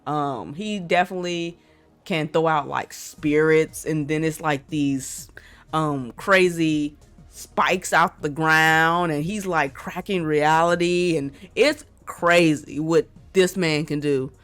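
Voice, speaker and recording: A woman's voice: low-pitched, takes it slowly, fairly bright tone, clear, resonant tone. A woman YouTuber casually rambling through a game lore theory, hedging a lot and saying "like" and "I feel like" often. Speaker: gaming YouTuber.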